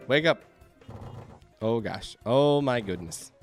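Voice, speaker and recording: A man giving excitable let's-play commentary, yelping and laughing as things go wrong on screen. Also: mid-range voice, normal speed, pauses often, clear, resonant tone, no room sound, soft background music. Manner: excitable, yelps and laughs at chaos. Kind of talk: game commentary.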